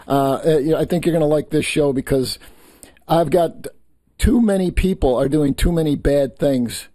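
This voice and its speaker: A man's voice: a little high, moderate pace, mellow, no room sound. A man hosting a political talk show, ranting heatedly and scornfully, often tripping over and repeating his words. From New York State. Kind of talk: political commentary rant.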